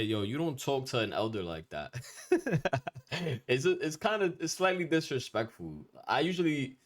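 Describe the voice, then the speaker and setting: A man's voice: mid-range voice, sing-song, normal speed. A man of Dominican family teaching Spanish etiquette in a casual, slangy lesson, talking bluntly and sometimes swearing.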